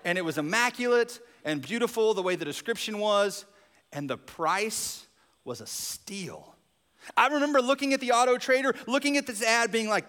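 High-voiced pastor in a big hall. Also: male voice, moderate pace. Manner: storytelling, animated, drops to hushed reflective tone. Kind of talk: sermon.

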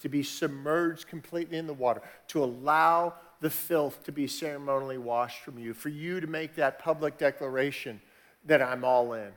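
A man preaching a sermon, moving from quiet, conversational teaching to raised, emphatic preaching. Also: mid-range voice. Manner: conversational, with restarts and asides. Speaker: pastor.

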